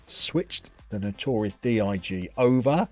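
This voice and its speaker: A man's voice: on the low side, animated, a little slow, a little mellow, faint music behind. Chatty, teasing man streaming a game. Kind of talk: casual live-stream chat.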